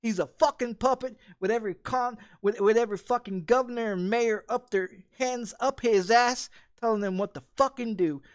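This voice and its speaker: This game streamer is furious, cursing and repeating the same complaints over and over. Pitched in the middle range, the speech runs at normal speed with barely any pauses.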